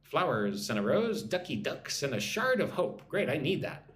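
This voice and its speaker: A man's voice: on the high side, sing-song, moderate pace, fairly bright tone. A man teaching an English lesson on a live stream, sounding out words syllable by syllable, repeating phrases and greeting viewers in the chat.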